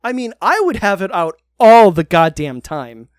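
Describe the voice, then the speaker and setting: A man's voice: high-pitched, animated, a little slow, dry recording, clean studio sound. A man co-hosting a podcast, recapping a TV show in casual, sarcastic chat and swearing freely.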